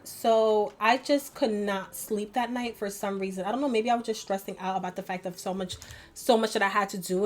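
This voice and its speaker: A young woman chatting and venting while doing her makeup at home, rambling with many fillers. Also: mid-range voice. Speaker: beauty vlogger. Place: home bedroom at a vanity.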